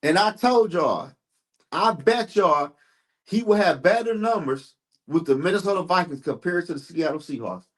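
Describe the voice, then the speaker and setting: A man's voice: on the high side, lively intonation, moderate pace, a bit bright. A man hosting a live sports stream, ranting heatedly and profanely while answering his chat.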